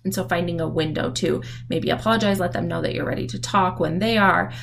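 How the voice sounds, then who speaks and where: A woman's voice: on the low side, fairly quick, vocal fry, a bit bright, a little hiss or hum. A mother giving candid, reflective parenting advice in a casual, frank way. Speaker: parenting speaker.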